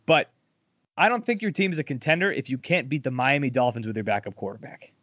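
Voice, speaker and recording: A man co-hosting a casual sports podcast, bluntly recapping the week's football scores with lively opinions. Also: medium pitch, fast, no room sound, highs cut off. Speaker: podcast co-host.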